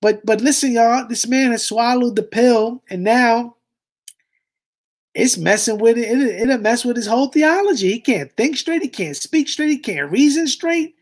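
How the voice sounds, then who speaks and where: A man's voice: very high-pitched, normal speed. A man hosting reaction commentary, speaking in an impassioned, preachy way and talking straight to his listeners. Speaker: commentary host.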